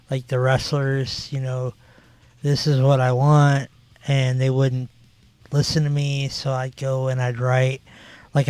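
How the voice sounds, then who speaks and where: A man's voice: medium pitch, a little mellow, clear, resonant tone, no echo. A man in his forties hosting a podcast, telling rambling stories in casual chat with lots of fillers. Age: 40s. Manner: rambling, filler-heavy storytelling. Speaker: podcast host.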